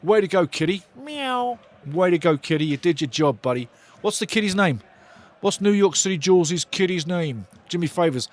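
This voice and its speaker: A man hosting a live football watch-along, shouting and swearing excitedly while calling the play and reading out chat messages. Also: a little high, a little fast. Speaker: watch-along host and fan commentator. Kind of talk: live fan match commentary, reading chat.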